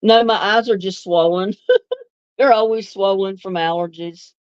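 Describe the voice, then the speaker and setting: A woman's voice: mid-range voice, unhurried, darkish tone, clear, resonant tone, no echo, lo-fi sound. A woman hosts a casual live stream, chatting easily with viewers and laughing often. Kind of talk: casual live chat answering viewer comments.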